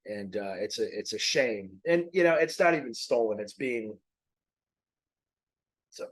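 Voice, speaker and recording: Male podcast host, mid-pitched, loose rambling delivery with restarts, a bit winded. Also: rough recording. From Maine. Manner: rambling, self-correcting. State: a little out of breath. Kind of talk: casual faith talk.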